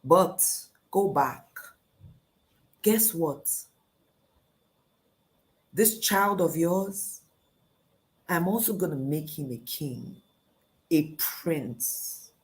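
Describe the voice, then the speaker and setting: A woman putting on a gentle male angel of God, speaking low and soft in a calm, soothing voice. The delivery is unhurried and reassuring. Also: exaggerated voice.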